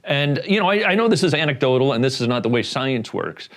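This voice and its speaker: A man hosting a casual comedic interview, rambling and halting through his questions with many restarts. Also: medium pitch, big pitch swings, fairly bright tone. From Indiana. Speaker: host.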